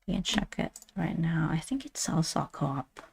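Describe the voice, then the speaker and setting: A woman's voice: sits low, very animated, moderate pace, creaky, slight background noise. A woman streamer giving playful announcer-style live commentary, repeating her phrases as she goes.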